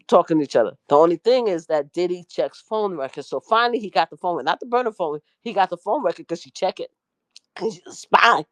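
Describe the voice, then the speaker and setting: A middle-aged woman, a media personality, casually breaking down a trial story in a slangy, animated way and jumping into high voices for the quotes. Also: no echo.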